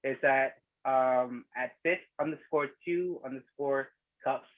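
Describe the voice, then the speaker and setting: A man's voice: medium pitch, slow. A man chatting casually and laughing a lot on a video call, rambling with many fillers. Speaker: poet at open mic. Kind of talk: casual chat. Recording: tinny phone-like call audio.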